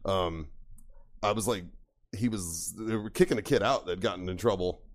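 A man's voice: deep voice, normal speed. A man in his thirties hosting a podcast, telling profane stories with plenty of laughter. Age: 30s. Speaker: podcast host. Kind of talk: casual storytelling.

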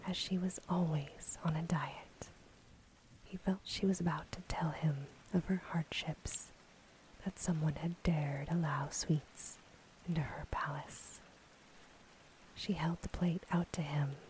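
A woman whispering a calm, steady storybook narration in a whispered role-play. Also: low voice, slow pace, slight background noise, low-quality recording.

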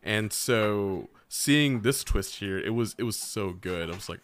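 Enthusiastic low-voiced man, faint noise. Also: lively intonation, a little slow. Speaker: podcast guest. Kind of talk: casual podcast chat.

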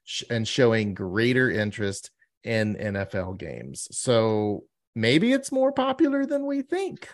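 A man co-hosting a podcast speaks in a lowish, sing-song voice, a little slowly. In casual chat, he reads out news items and riffs on them with jokes.

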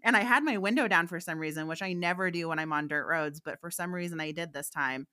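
A woman's voice: sits low, steady tone, fairly quick, bright, forceful tone. A woman, a psychic medium guest, telling a story in a candid, chatty way and laughing often. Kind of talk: casual anecdotal storytelling.

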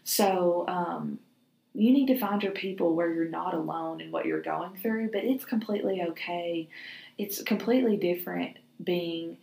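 A woman's voice: on the low side, normal speed, vocal fry, a little mellow, roomy sound, low-quality recording. A woman, co-hosting a faith podcast in a chatty, laughing, often sarcastic way. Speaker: podcast co-host. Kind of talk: casual faith podcast chat.

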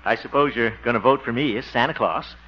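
A man's voice: mid-range voice, brisk, close to an everyday voice. An actor playing a bumbling, eager small-town man in a 1940s radio comedy, flustered and chuckling nervously. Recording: dull old radio recording.

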